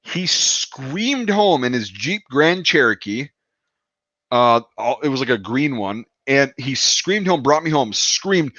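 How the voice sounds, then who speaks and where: A man's voice: medium pitch, big pitch swings, slow pace, pushed and bright, no room sound. A man casually telling a long, profane anecdote on a podcast. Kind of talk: casual storytelling. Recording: dull, dry lo-fi sound.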